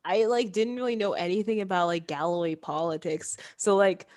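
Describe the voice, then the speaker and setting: A woman's voice: lowish voice, fairly even intonation, brisk, darkish tone. Young woman, activist, casual group chat, laughs a lot, lots of fillers. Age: young adult. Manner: laughing, filler-heavy chatter. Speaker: youth activist.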